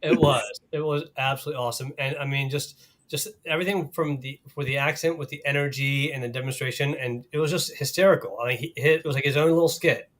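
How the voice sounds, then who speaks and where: A man's voice: mid-range voice, steady tone, fast, hardly any pauses, a bit bright. A man co-hosting a casual workplace live stream, upbeat and laughing often, with many fillers. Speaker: co-host of company live stream. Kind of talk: casual chat.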